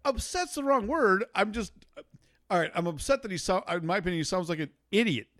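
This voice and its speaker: A man's voice: high voice, expressive, fairly quick, fairly bright tone, no echo, clean studio sound. A man hosting a podcast, debating casually, stammering through restarts and swearing as he gets worked up. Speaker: podcast host.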